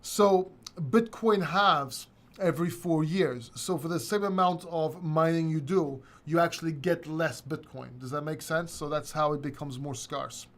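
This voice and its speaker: A man's voice: a little high, unhurried. A man hosting a casual livestream, reading viewers' questions aloud and answering them loosely. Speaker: crypto livestream host. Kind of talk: casual live-chat Q&A.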